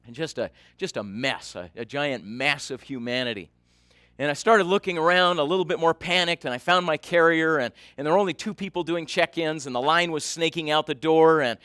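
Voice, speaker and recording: A man giving a keynote talk, telling a story in an animated way and asking the audience questions. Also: on the high side, dry recording, studio quality. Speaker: keynote speaker.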